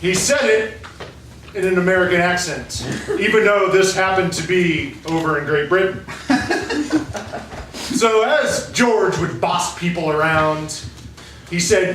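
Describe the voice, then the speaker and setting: A man's voice: sits high, big pitch swings, takes it slowly, long pauses, background noise. A man narrating an improvised comic story on stage, chuckling often. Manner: chuckling, playful. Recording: echoey room from far off.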